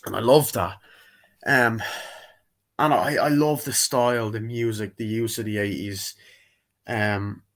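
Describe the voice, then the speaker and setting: A young man recaps a film in loose, rambling talk, his voice sitting slightly low. He keeps breaking into quick, high-pitched impressions of the characters as he goes. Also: steady tone, a bit bright. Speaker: movie reviewer. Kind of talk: casual spoken movie review.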